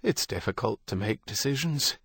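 A man voicing an aging village priest in an audiobook, speaking in a hushed, sighing way that flares into bitterness. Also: on the low side, lively intonation, normal speed, slightly rough, dry recording, clean studio sound, full character voice. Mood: brooding. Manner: mournful, hushed and sighing, flaring into bitter outbursts. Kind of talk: audiobook character reading.

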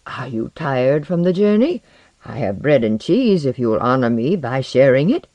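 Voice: mid-range voice, big pitch swings, moderate pace, a little mellow, no echo. A reader voicing a small, proud, passionate medieval French alchemist in a read-aloud story. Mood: courteous. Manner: proud and fiery, then courteous.

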